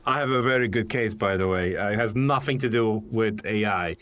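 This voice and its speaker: A man who founded a company, a podcast guest telling a story in a relaxed way and sometimes searching for his words. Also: lowish voice, a little fast. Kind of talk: casual interview conversation.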